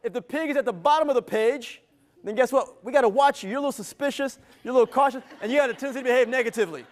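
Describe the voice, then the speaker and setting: Male motivational speaker with a high voice, working a live crowd playfully. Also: racing. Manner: energetic, playful, teasing the audience. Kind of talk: interactive live keynote. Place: event venue with a live audience.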